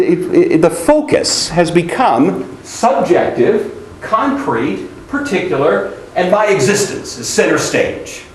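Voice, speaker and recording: A man lecturing a class, calling on students by name and now and then mocking the ideas he quotes. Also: mid-range voice. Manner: animated, calls on students by name; mocking singsong when quoting shallow hymns. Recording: echoey classroom with faint ambient noise.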